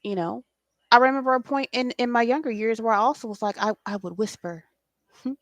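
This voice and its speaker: A woman's voice: on the high side, brisk, no room sound. Woman, forties, spiritual host, preachy, raised voice, dry sound. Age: 40s. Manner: impassioned, preachy, swears freely. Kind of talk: late-night livestream talk.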